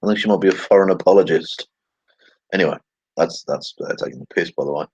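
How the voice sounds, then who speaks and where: A man's voice: low voice, fast talker, darkish tone, husky, dry recording, highs cut off. A man hosting a casual commentary video, reading tweets aloud with sarcastic, swearing asides and muttered remarks. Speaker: channel host.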